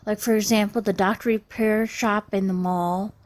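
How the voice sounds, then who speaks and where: A woman's voice: medium pitch, fairly even intonation, normal speed. A woman in her thirties venting in a personal vlog, rambling and aggrieved, restarting her sentences often. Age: 30s. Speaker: vlogger.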